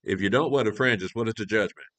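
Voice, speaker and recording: A fast-talking elder with a lowish voice and a fairly bright tone leads a prophecy class. There is no room sound. He reads verses in a conversational way, asks rhetorical questions, and restarts often.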